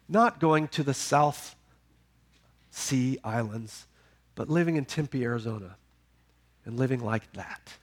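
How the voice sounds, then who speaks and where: A man preaching a sermon, building to loud emphatic peaks and then dropping low and quiet. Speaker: pastor.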